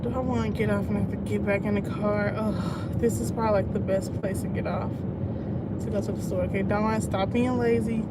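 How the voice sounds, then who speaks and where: A woman, chatting casually to her live-stream viewers from her car in traffic, greeting them by name and breaking into loud laughs. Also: medium pitch, steady tone, brisk. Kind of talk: casual live-stream chat while driving. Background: faint road and traffic noise.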